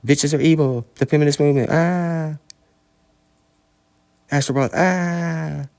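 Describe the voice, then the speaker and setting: A man putting on a high, taunting scorned woman. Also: steady tone, takes it slowly, gravelly, a little mellow, clean tone. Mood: bitter mocking. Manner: mocking, taunting, profane. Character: bitter scorned young woman claiming to be a demon.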